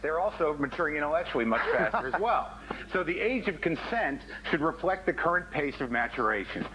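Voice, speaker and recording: A man comedian on a panel show, giving a mock-serious pitch in a wry, earnest tone and chuckling at his own jokes. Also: very animated, brisk, bright, forceful tone, poor audio. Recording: TV audio with background noise.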